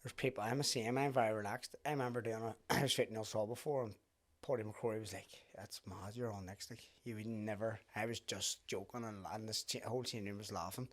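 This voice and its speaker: A man's voice: fairly low pitch, fast talker. A man hosting a podcast, telling stories in a casual chat and laughing through them. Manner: animated storyteller, laughs through his stories. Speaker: podcast host.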